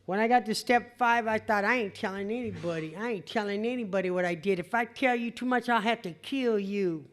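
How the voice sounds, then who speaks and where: A woman's voice: medium pitch, brisk, hardly any pauses. A middle-aged woman giving a blunt, swearing testimony at a recovery meeting, laughing at herself. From California. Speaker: AA meeting speaker. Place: meeting hall before an audience.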